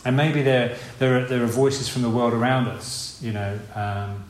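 Man, mid-pitched voice, rambling informal sermon, echoey hall with a faint background hum. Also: little pitch movement, normal speed. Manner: conversational, rambling with restarts and asides. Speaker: preacher. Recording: roomy hall with faint ambience.

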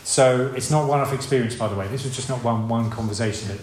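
A man's voice: medium pitch, quick pace, darkish tone, a little hiss or hum. A man preaching an informal sermon in a conversational, rambling way, with many restarts and asides. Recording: roomy hall with faint ambience.

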